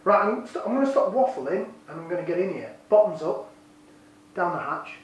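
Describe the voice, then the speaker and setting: A man casually reviewing a beer, enthusiastic and rambling, deliberately keeping his voice down, recorded on a camera's built-in microphone. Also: high voice, expressive. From United Kingdom. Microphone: built-in camera mic. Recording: very echoey room, distant mic, faint noise.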